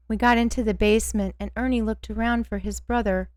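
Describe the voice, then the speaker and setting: A woman narrating a first-person audiobook in a slow, measured way. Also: a little high, steady tone, a little mellow, dry recording.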